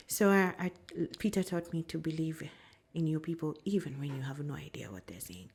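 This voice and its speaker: Kenyan woman chatting in an interview, animated storyteller, laughs a lot, drops into swahili. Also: mid-range voice. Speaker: brand strategist guest.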